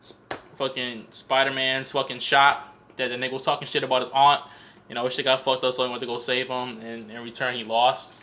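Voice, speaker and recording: Bright-voiced young man rambling through a film recap. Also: medium pitch, level tone, brisk. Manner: rambling, stammers and repeats words, heavy slang and swearing. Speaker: vlogger reviewing a film. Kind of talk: casual profane comedic movie recap.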